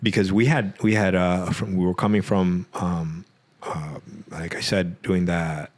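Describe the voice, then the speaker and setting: Deep-voiced man telling a story casually. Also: steady tone, unhurried. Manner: rambling, many "like" fillers, acts out quotes. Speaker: podcast guest.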